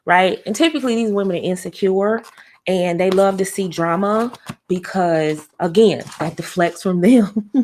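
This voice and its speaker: A woman hosting a casual livestream, giving relationship advice in an animated, conversational way, with fillers, repeats and sudden high mocking voices when she quotes people. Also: a little slow. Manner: conversational with frequent fillers and repetition.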